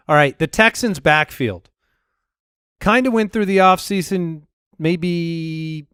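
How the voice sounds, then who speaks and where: A man with a smooth, clear voice, slightly higher than most, co-hosts a sports podcast. He argues his picks eagerly over a dry, close mic. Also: a bit bright, dry recording. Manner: eager, quick debating. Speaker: podcast co-host. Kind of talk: casual sports chat.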